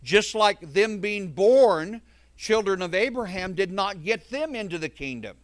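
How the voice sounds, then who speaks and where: A man's voice: high voice, expressive, measured pace, no room sound. A man preaching a verse-by-verse sermon, earnest and emphatic, breaking off into conversational asides.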